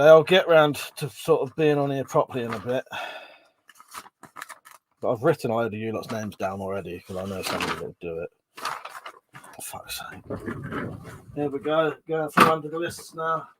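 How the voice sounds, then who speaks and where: A man's voice: medium pitch, lively intonation, normal speed, pauses often, background noise. A man hosting a casual livestream, chatty and laughing often, with plenty of swearing. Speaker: livestream host. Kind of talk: casual live chat reading comments.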